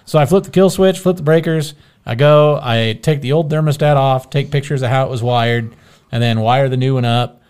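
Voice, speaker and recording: A man's voice: medium pitch, normal speed, smooth. A married man telling a story in casual chat, swearing and acting out what he said. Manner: animated, swearing, acts out his own quotes.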